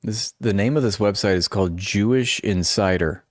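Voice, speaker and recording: A political commentary streamer with a fairly low voice goes through articles out loud at normal speed, breaking off to mock and needle them sarcastically. The sound is close and dry, free of room echo.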